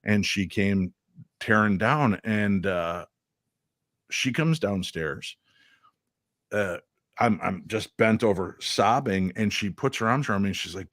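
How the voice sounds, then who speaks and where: Low-voiced male guest, halting storyteller, dry close mic. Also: lively intonation, a bit bright, dry recording. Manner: halting, emotional recounting with many fillers. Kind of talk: radio interview storytelling.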